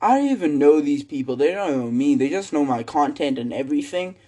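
Teenage boy, husky voice, rambling casual vlog story, slangy, lots of fillers. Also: a little high, animated, fairly quick, mellow. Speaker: vlogger.

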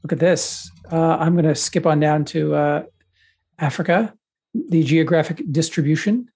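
A man's voice: on the high side, normal speed, darkish tone, slightly rough. A man co-hosting a podcast, bantering casually in a wry, teasing, mock-dramatic way. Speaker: podcast co-host.

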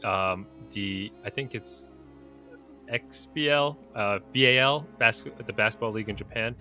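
Bright-voiced young man musing. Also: lowish voice, a little slow, faint music behind. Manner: thoughtful, poses hypotheticals. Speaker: podcast co-host. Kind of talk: casual chat.

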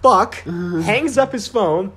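A man's voice: sits high, expressive, takes it slowly, pushed and bright, breathy edge. A young man in casual chat, telling a profane, ranting story and laughing often.

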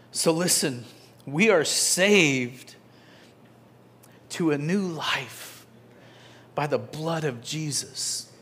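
A man preaching a sermon in a church, talking to the congregation in a conversational way that swings from loud and emphatic to soft, almost whispered. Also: mid-range voice. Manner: conversational, with restarts and asides to the congregation. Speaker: pastor.

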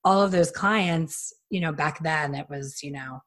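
A woman in her fifties tells salon stories in a loose, chatty way, often slipping into the voices of the people she quotes. Her voice sits on the low side for a woman. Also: measured pace. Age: 50s. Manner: animated storyteller who acts out quotes. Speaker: hairstylist and podcast host. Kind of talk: casual storytelling chat.

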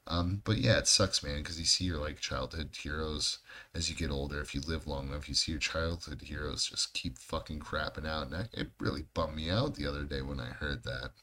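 A man's voice: extremely low pitch, a little fast, sharp tone, slight background noise. A man co-hosting a podcast, telling rambling stories in casual chat, swearing heavily and laughing often. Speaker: podcast co-host.

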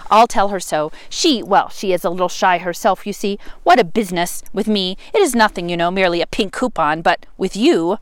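A woman reading the lines of a jovial, laughing male poet friend in a storybook, hearty and teasing with loud bursts. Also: medium pitch, brisk, hardly any pauses, dry recording, lightly acted.

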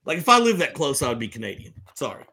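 A man's voice: fairly high pitch, big pitch swings, rapid-fire, bright, forceful tone, slight background noise. A man co-hosting a casual podcast, telling anecdotes with a laugh. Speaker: podcast co-host. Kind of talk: casual chat.

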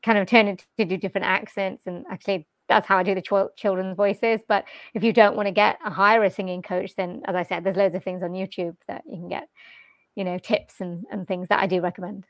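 A woman's voice: mid-range voice, fairly even intonation, no echo. Chatty British woman, dry close sound. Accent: general British. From Wales. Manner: chatty, upbeat, quick to laugh. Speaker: voiceover artist and jazz vocalist. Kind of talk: casual interview chat. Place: quiet corner of a home lounge. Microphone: directional mic with pop shield.

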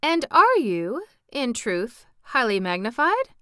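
A woman voicing a calm, polite male scarecrow in a storybook reading, asking careful questions. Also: fairly high pitch, slow pace, clean tone, no echo, clean studio sound, pitched above the performer's own voice, full character voice. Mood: curious. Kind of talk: storybook read-aloud.

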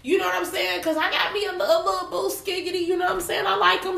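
Podcast co-host, woman, Detroit accent, high and expressive, slangy, echoey room. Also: fast, gravelly. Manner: expressive, playful, slangy, often asks "you know what I'm saying?". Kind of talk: casual podcast chat.

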